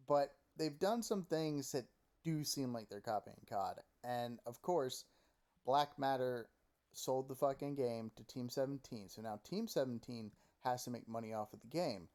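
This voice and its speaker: A man in the middle of a fast, swearing rant about a video game, talking straight into a close desk mic at home. His voice sits in an ordinary middle pitch, and he keeps slipping into mocking impressions of other players. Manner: profane, animated ranting with mocking quoted voices. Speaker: gaming commentator. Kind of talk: casual opinion rant.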